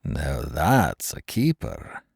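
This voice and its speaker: A sadistic male interrogator speaks in a low, hushed, unhurried voice, as a narrator puts him on. He lingers on words with icy mockery. The audiobook sound is close and dry. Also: very animated, creaky, dry recording, full character voice. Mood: mocking cruelty. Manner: cold, mocking, slow and menacing. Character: cold, sadistic male interrogator, middle-aged.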